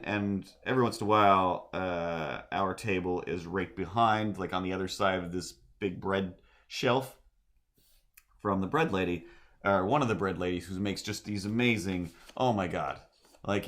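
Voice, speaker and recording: A man's voice: fairly low pitch, a bit bright. A man chatting casually on a drawing livestream, rambling and poking fun at himself with lots of fillers. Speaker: streamer and artist.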